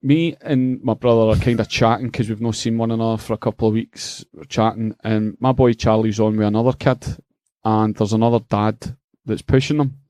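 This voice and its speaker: A man's voice: lowish voice, fairly quick, few pauses, clean tone, no room sound, clean studio sound. Sweary Scottish man telling a story. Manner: animated, profane, laughing through the story. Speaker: podcast co-host. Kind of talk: casual storytelling chat.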